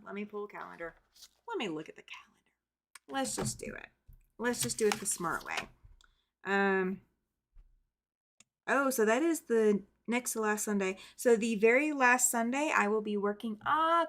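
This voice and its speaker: A woman hosts a live stream in a casual, chatty way. She talks loosely and upbeat at a middle pitch, greeting viewers by name as she goes. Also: fairly bright tone, a little hiss or hum. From American South. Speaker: quilting livestream host.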